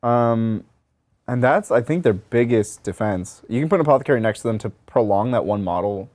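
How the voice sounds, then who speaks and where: A man co-hosting a casual gaming podcast with a lively, swinging pitch. He explains rules in an animated way and laughs easily. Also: normal speed. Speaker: podcast co-host. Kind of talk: casual chat answering questions.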